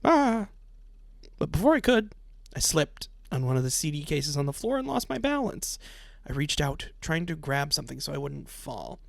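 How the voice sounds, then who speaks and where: A man plays through a visual novel on stream, reading the lines in his own voice and cutting in with snarky, cursing jabs. His voice sits a bit high for a man. The sound is close and dry with no room to it. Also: animated, normal speed, creaky, no room sound. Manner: sarcastic, profane running commentary; frequent laughing asides. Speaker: let's play streamer.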